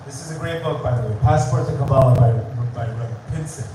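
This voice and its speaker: A man's voice: medium pitch, quick pace, hardly any pauses, background noise. Echoey man lecturing emphatically. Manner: emphatic, repeats key phrases, asks the audience questions. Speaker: speaker giving a talk. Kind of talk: live spiritual lecture. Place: live venue in Tel Aviv. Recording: distant, very echoey live room.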